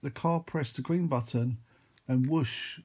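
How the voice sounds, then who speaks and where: A man telling a long, rambling made-up story, full of excited sound effects. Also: mid-range voice, unhurried, slightly rough. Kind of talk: improvised storytelling.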